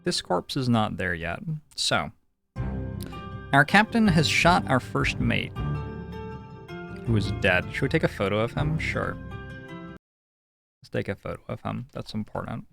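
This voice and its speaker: A man with a gravelly, creaky voice comments on a detective game he is streaming, talking slowly and joking as he goes. His pitch rises and falls a lot, and faint game music plays behind him. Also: sing-song. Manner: playful, jokey musing aloud. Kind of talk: casual gameplay commentary.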